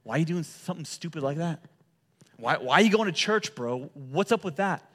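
A man's voice: on the high side, animated, fairly quick, a bit bright. A man putting on a scornful friend who scoffs at church and churchgoers. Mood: mocking. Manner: scoffing, dismissive.

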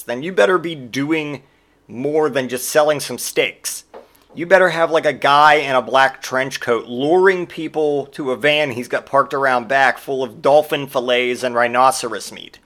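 A man's voice: medium pitch, moderate pace, a bit bright. A man in his forties hosting a podcast, delivering a sarcastic, profane comedic rant in casual monologue. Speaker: podcast host.

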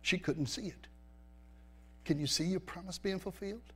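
A man's voice: high voice, moderate pace, fairly bright tone, slightly rough. A male pastor preaching a sermon in a church, pressing the congregation with rhetorical questions and emphatic repetition.

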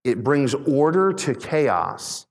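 A man preaching a sermon as pastor, emphatic, slowing on key words and asking the congregation questions. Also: mid-range voice, sing-song, gravelly. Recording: long reverb in a large hall.

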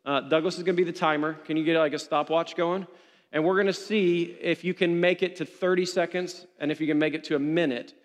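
A man preaching a sermon to his congregation, passionate and building to shouted refrains. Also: a little high, fairly even intonation, fairly quick. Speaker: pastor. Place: church hall. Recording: long hall reverb.

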